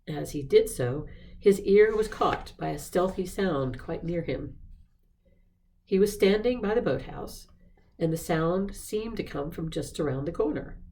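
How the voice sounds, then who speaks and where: A woman reading a novel aloud in a measured narrating voice. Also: low voice, creaky, warm tone, slight background noise, rough recording. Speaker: staff member reading aloud. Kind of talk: audiobook-style story reading.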